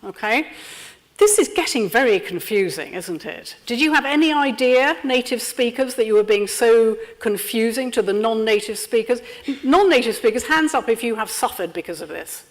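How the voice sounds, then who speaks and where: A woman leading an interactive training workshop, lively and constantly checking in with her audience. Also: on the high side, moderate pace. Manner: lively, checks in with frequent "yeah?". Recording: lecture room with long reverb.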